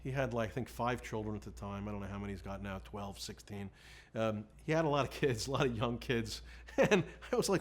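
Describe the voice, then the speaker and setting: A middle-aged male defense lawyer looking back on a case in an interview, frank and animated, breaking into laughs as he tells it. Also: on the low side, a little fast. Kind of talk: candid recollection in an interview.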